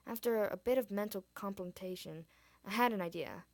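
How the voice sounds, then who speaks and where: A woman reading her fan fiction aloud, expressive, dropping in her own asides. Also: mid-range voice, moderate pace, dry recording. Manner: expressive, adds asides and swears in reaction. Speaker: reader.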